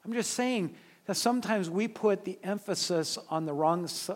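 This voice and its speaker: Emphatic high-voiced male preacher. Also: fairly quick, hardly any pauses. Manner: emphatic, swings between loud urging and soft quiet asides; repeats and restarts words, laughs at himself. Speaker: pastor. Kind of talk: sermon.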